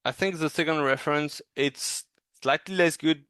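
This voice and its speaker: A man giving a casual, encouraging animation critique in a thoughtful, halting way. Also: on the high side, bright, forceful tone, smooth, no room sound. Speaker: animation reviewer.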